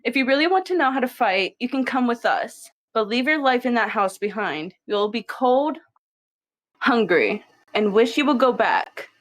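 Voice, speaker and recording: A calm, commanding she-cat clan leader, voiced by a woman in a fan-made cat movie. She speaks in a measured way, a little higher than most women. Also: lightly acted.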